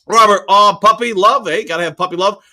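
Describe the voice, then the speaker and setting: A high-pitched man hosts a live fan stream, reading out viewer comments one by one and replying in an upbeat, chatty way. His voice is bright and forceful, with plenty of casual fillers between thoughts. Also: a little fast. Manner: reads viewer comments aloud and answers them, upbeat, many fillers. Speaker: host of a live fan show reading chat.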